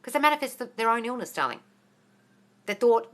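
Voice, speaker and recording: A woman answering viewers' questions on a live phone stream, talking fast and bluntly, swearing and calling everyone darling. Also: a little high, very animated, a bit bright. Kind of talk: casual live Q&A.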